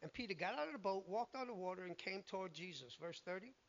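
High-voiced emphatic male preacher. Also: expressive, quick pace, muffled recording. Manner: emphatic, acts out quoted lines. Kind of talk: sermon.

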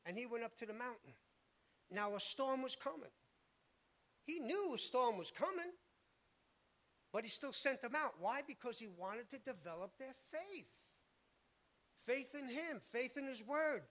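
A man's voice: extremely high pitch, lively intonation, unhurried, pauses often, a bit bright, muffled recording. A man preaching a sermon in an emphatic way, acting out the lines he quotes.

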